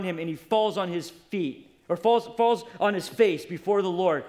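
A man's voice: sits high, normal speed, few pauses, darkish tone. A man preaching a sermon as pastor, impassioned and putting direct questions to his congregation.

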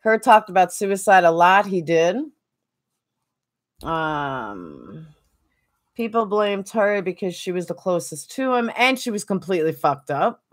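A woman's voice: lowish voice, expressive, a little slow. A woman streaming a game, chatting casually and answering viewers by name. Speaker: game streamer reading chat. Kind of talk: casual chat while gaming.

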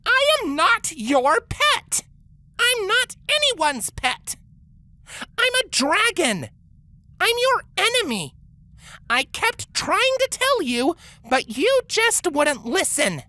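A man's voice: very high voice, very animated, slow, sharp tone, no room sound, pitched above the performer's own voice, heavily acted. Pondhopper, a man doing a fierce young she-dragon. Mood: angry. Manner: indignant, snapping. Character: fierce, defiant young female dragon hatchling. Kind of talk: audiobook character voice.

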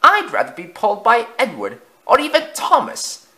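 Creaky old brake coach, prim, complaining, very high voice, a man voicing it. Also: wildly swooping pitch, moderate pace, sharp tone, exaggerated voice. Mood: indignant.

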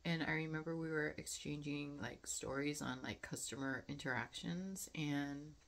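A woman's voice: sits low, steady tone, moderate pace, vocal fry, a bit bright. A young woman vlogging to camera in a casual, rambling way, full of fillers and reflective asides. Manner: chatty, frequent fillers, laughs often, reflective.

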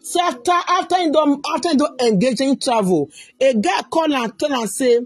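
A talk show host with a Nigerian accent, loudly mocking and commenting in Pidgin, theatrical and teasing. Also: high-pitched, expressive, measured pace, faint music behind.

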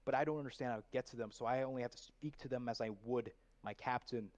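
A man's voice: mid-range voice, quick pace, a little mellow, lo-fi sound. A man being coached as a voice actor, thoughtfully explaining how he approached a scene. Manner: thoughtful, explaining his process at length. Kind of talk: reflective conversation.

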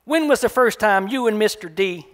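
A man's voice: high voice, animated, normal speed, fairly bright tone. A man doing a folksy officer. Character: Texan immigration officer, middle-aged man, folksy, nosy. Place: live reading in a café.

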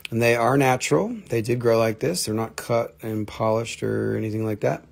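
A man with a gravelly, creaky voice at a middle pitch runs a live rock sale. He rambles, teases himself and cracks jokes between prices. His talk is casual and loose. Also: fairly even intonation, normal speed. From North Carolina. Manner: joking, rambling, self-mocking. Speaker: livestream rock and mineral seller.

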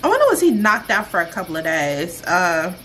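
A woman streamer giving profane, excitable commentary while playing a game. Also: fairly low pitch, fairly quick, slight background noise. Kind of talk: gameplay commentary.

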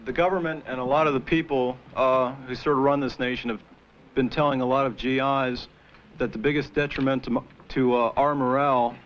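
Hesitant young man, lo-fi archive tape. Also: medium pitch. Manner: halting, hesitant, many 'uh's. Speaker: war veteran. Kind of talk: testimony at a panel. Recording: dull old archive recording with faint noise.

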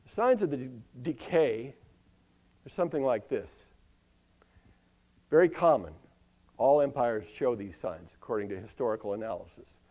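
An older man performing a wry, ironic comic monologue on a live stage, delivered like a newscast with dramatic pauses and long lists. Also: mid-range voice, lively intonation, warm tone. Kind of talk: comic spoken-word monologue with news-style delivery.

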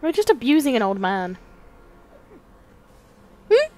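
A woman's voice: on the high side, big pitch swings, takes it slowly, a little mellow. A young woman giving casual, sweary, joking commentary while playing a video game. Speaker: let's play host.

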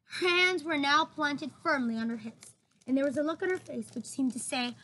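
A woman teacher reading a children's book aloud to her students, expressive, with chatty asides. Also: high-pitched, normal speed, poor audio. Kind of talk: read-aloud storytelling for students.

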